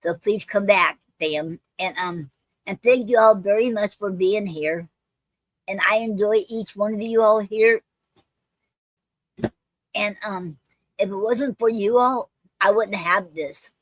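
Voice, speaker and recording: Halting, affectionate woman hosting a livestream. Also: mid-range voice, dry recording, low-quality recording. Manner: halting and repetitive, with many ums and restarts; affectionate toward viewers, calls them fam. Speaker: poetry livestream host. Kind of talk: casual livestream sign-off.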